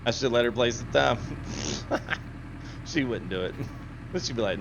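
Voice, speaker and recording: A man's voice: medium pitch, unhurried, gravelly, lo-fi sound, background noise. A man hosting a gaming livestream, chatting casually and reading chat aloud. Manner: chatty, laughs often, reads chat aloud.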